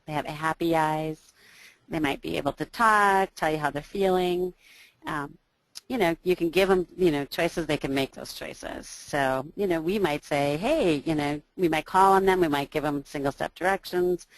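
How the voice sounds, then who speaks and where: A woman, an early childhood teacher, giving a training talk to educators with a booming voice, listing strategies with frequent ums and you knows. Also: dry recording, low-quality recording. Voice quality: loud, booming voice.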